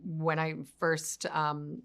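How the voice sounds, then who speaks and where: A woman's voice: sits low, little pitch movement, extremely slow, fairly bright tone, clean tone. A woman being interviewed as an actress, speaking casually and hesitantly with self-deprecating humor. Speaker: actress guest.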